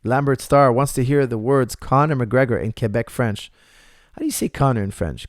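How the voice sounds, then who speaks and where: Casual guy coach talking fights to viewers, middle pitch, dry room, keeps hammering the same point. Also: expressive, brisk, no echo. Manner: conversational, repeats points for emphasis. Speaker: MMA coach answering viewer questions. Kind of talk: casual live Q&A chat.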